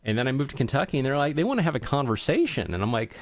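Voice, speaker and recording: A man's voice: medium pitch, very animated, rapid-fire, hardly any pauses, dry recording, clean studio sound. A middle-aged man from central Ohio with an Ohio accent, telling stories in a casual podcast chat and often stumbling over his first words. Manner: storytelling, repeats words when starting. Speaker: guest.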